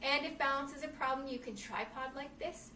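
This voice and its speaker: Woman children's yoga teacher, high voice, storybook reading, encouraging, echoey room from a distance. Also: fairly quick, slight background noise. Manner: encouraging, addresses kids as friends, acts out the story's shouts. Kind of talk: reading a storybook aloud while leading kids' yoga.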